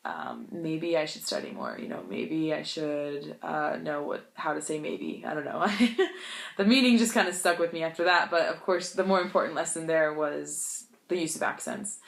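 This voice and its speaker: A woman's voice: deep voice, animated, moderate pace, gravelly, echoey room. A woman vlogging about learning a language, chatty and self-deprecating, telling stories and laughing often. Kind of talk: casual storytelling vlog.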